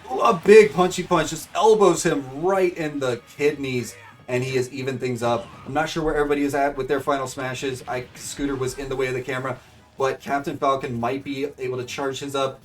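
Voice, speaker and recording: Excitable man doing rambling play-by-play. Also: medium pitch, brisk, recorded from a distance, faint music behind. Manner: excitable, rambling with many fillers, calls viewers folks. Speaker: streamer commentating AI fight bracket. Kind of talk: casual play-by-play commentary.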